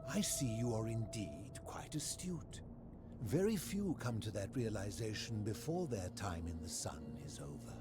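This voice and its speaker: A man voicing a lonely, aging philosopher hermit in a video game, speaking in a formal, measured and questioning way over game music. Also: fairly low pitch, sing-song. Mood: courteous. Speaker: game character. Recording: game audio with soundtrack music.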